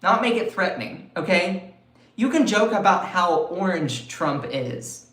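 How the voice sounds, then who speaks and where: A man's voice: sits high, very animated, unhurried, a bit bright, reverberant. A man with a Southern US accent giving emphatic political commentary on a live stream, often repeating and restarting his phrases. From Southern United States.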